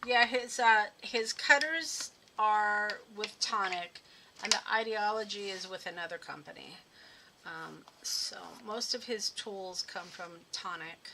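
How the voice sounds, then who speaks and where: A woman hosting a live card-making demo, talking easily as she works and musing aloud about what to do next. Her voice sits at an ordinary middle pitch. A clear clicking noise runs steadily behind her. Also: takes it slowly. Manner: chatty, thinking aloud while working. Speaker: card-making tutorial host. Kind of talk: live craft demo chat.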